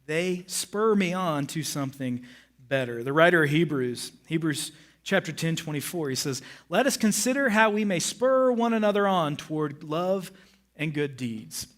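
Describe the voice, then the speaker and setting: Middle-aged male pastor, higher-pitched, lively storytelling sermon from a church stage. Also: moderate pace. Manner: animated, acts out his own excited and lazy moods. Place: church stage before a congregation.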